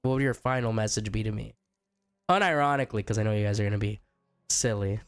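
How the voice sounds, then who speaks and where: Sick young man streamer, smooth dry voice. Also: fairly low pitch, quick pace, no echo, soft background music. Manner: chatty, reads chat aloud, jokes with viewers. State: sick, sounds older and rough. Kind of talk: casual chat while gaming.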